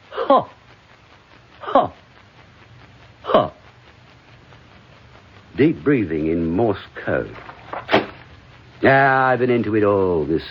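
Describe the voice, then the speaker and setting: An actor playing a drunk, bitter, washed-up middle-aged comedian in a stage monologue, rambling and sardonic, swinging from mutters to outbursts. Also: male voice, on the low side, slightly rough, exaggerated voice. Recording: dull lo-fi recording.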